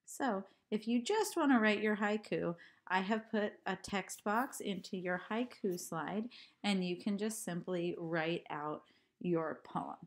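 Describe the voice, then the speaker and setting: A woman teacher giving an art lesson to children, speaking clearly and counting syllables aloud. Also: medium pitch, a little slow. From California.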